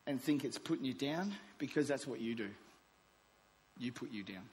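A man in his forties preaching a sermon, with emphatic declarations and softer asides. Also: mid-range voice, animated, moderate pace, long pauses. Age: 40s. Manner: emphatic, swings between loud declarations and soft asides. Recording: long reverb of a large hall.

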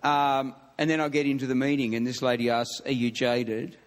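A man's voice: mid-range voice, fairly even intonation, a little fast. A middle-aged man preaching to a congregation, telling a funny story in a chatty way, with frequent laughs and restarts. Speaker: pastor. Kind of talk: sermon with humorous story. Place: church hall. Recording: long hall reverb.

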